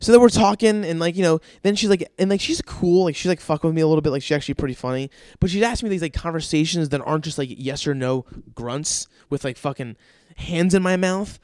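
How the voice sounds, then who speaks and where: A man's voice: on the high side, fast, a little mellow, smooth, no echo, clean studio sound. A man hosting a podcast, telling a story in a profane, rambling, exasperated way. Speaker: podcast host. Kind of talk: casual comedic storytelling monologue.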